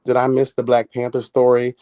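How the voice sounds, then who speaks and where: A man's voice: mid-range voice, a little fast, no echo. Man in his late thirties, livestream host, sassy campy chat, dry close sound. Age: 30s. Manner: sassy, animated, campy exclamations. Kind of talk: casual chat with viewers.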